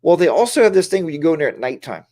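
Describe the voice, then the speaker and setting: A man's voice: a little high, big pitch swings, very fast, a little mellow. A man hosting a casual livestream, talking in a rambling, chatty way and greeting viewers by name, on a lapel mic in a home studio. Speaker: livestream host.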